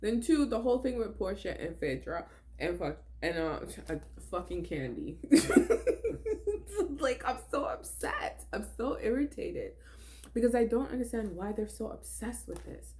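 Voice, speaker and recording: A young woman talks casually into her camera as she reacts to a reality show. Her pitch swings widely, and her delivery is blunt and exasperated, with frequent laughter. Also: expressive, measured pace, a little mellow. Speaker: reality TV recap vlogger.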